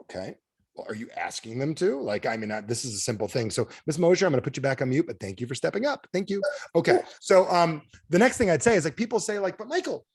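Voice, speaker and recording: A man running a sales training over a video call, animated, firing questions at his audience and acting out quotes in a higher voice. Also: husky. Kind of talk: energetic coaching talk.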